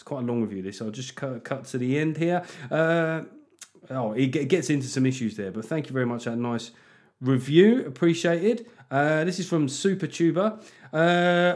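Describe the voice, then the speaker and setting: A man's voice: mid-range voice, expressive, moderate pace, darkish tone. Crude, rambling man. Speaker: podcast host. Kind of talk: casual comic monologue.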